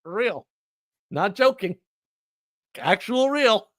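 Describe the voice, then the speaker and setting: A man, telling a story on a live stream in an animated, indignant way. He laughs often and repeats words. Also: sits high, takes it slowly, no echo. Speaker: podcast host.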